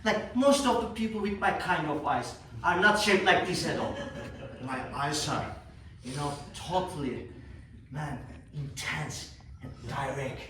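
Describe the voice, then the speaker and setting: A high-voiced, cocky young guy, as an actor plays him, rattled and swearing through a restless stage monologue. The sound is very echoey, and the mic sits some way off. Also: unhurried, pushed and bright, a little hiss or hum. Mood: agitated rant. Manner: profane, rambling, restless. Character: cocky, rattled young man ranting about family. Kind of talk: theatrical monologue. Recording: echoey room, mic far off.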